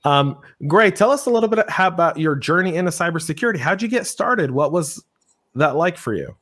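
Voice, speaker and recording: Energetic American podcast host, man. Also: on the high side, brisk. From United States. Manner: energetic, animated storytelling with funny voices. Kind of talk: casual podcast hosting.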